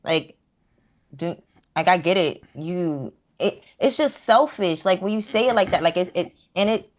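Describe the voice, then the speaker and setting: A woman's voice: fairly low pitch, lively intonation, moderate pace. A woman on a podcast panel speaking in a hesitant way, thinking aloud with many fillers. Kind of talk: casual debate.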